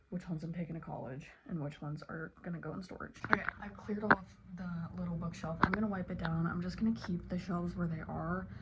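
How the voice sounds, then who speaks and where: A woman's voice: on the low side, very noisy. A woman in her late teens talking in a casual, tearful vlog, rambling with lots of "like" fillers. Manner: emotional, rambling, many "like" fillers. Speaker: vlogger. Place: bedroom at home.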